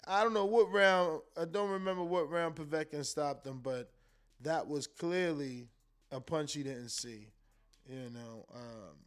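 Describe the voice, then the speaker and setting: A man with a fairly high voice talks boxing on his live stream, reading comments aloud and arguing back. He speaks in a relaxed, offhand way, swearing now and then and tripping over his own words as he thinks aloud. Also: clear, resonant tone. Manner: loose and conversational, swears, repeats words, argues with the chat. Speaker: live stream host reading super chats.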